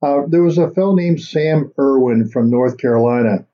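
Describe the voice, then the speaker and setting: A man's voice: medium pitch, normal speed. A man hosting an unscripted political commentary show, rambling through his points and questioning a guest. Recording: dull lo-fi audio.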